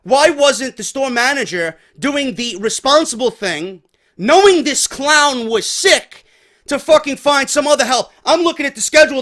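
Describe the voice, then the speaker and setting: A man's voice: extremely high pitch, lively intonation, normal speed, fairly bright tone. A man from New York hosting a podcast, telling a story in a profane, heated, exasperated rant. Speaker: podcast host. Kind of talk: ranting storytelling.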